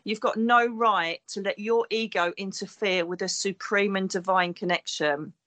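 Her voice is medium-pitched and steady, fairly bright, at a moderate pace. This woman, a former detective turned psychic medium, speaks emphatically in an interview conversation and performs the voices of people she quotes.

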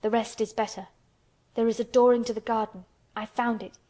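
A woman's voice: fairly high pitch, fairly even intonation, fairly quick, warm tone, natural voice. A woman voicing a blunt, solemn young girl in a storybook reading, frank and earnest. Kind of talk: storybook character voice.

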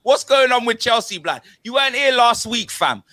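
A young man with a London accent, hosting a football podcast in slangy, animated banter. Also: very high-pitched, normal speed, no room sound, clean studio sound. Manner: slangy, animated banter with constant tag words. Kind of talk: casual chat.

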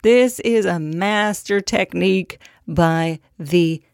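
A woman's voice: lowish voice, takes it slowly, vocal fry, a little mellow, smooth, no echo, studio quality. A young woman hosting a podcast in a casual monologue, candid and profane, with a self-deprecating streak. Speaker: podcast host.

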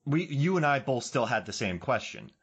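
A man from Florida co-hosting a podcast, talking through a film in a rambling, self-correcting, animated way. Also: medium pitch, normal speed, breathy edge, muffled recording. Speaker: podcast co-host. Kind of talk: casual film discussion.

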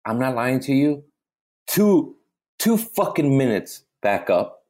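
A male comedian telling a story in a casual chat, animated and full of swearing, often restarting his sentences. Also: medium pitch, measured pace. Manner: animated, profane, keeps restarting. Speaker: comedian guest.

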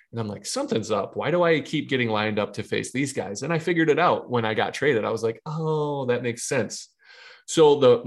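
A man in his thirties, a podcast co-host and former baseball pitcher, chatting casually and telling stories in which he acts out the dialogue and laughs along. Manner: animated storyteller acting out dialogue, laughing.

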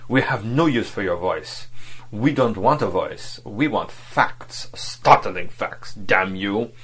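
A man's voice: fairly low pitch, expressive, a little slow, husky. A man reading aloud, voicing a contemptuous foreign embassy official who speaks in a guttural, domineering way. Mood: fierce.

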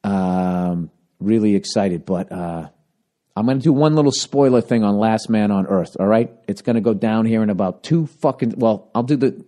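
A man, a stand-up comedian, talking alone into a handheld recorder for his podcast. He swears constantly, rants in a lively way, and his voice is still cracking. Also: on the low side, moderate pace. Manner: profane, ranting, animated. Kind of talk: solo podcast monologue.

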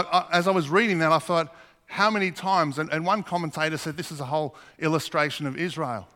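A man with a slightly high, pushed and bright voice preaches earnestly, asking the congregation questions as he reads scripture. Long hall reverb fills the recording.

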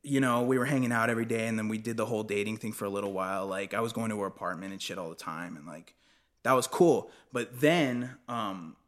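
A man's voice: lowish voice, fast. A young man casually telling stories in a podcast chat, laid-back, swearing and laughing often.

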